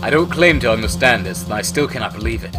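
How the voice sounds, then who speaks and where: A man's voice: medium pitch, lively intonation, fast talker, natural voice. A man voicing a stern, formal older male courtroom judge, reading game dialogue aloud over game music.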